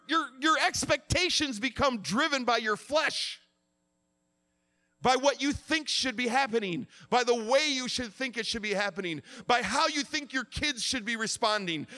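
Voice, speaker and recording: Impassioned high-voiced male preacher. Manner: impassioned, swings from quiet to shouting. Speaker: pastor. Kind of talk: sermon.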